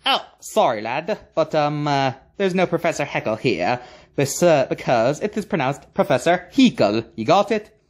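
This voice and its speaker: A man voicing a prickly male professor villain with a put-on Scottish accent, testy and quick to correct people. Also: on the high side, sing-song, pitched above the performer's own voice.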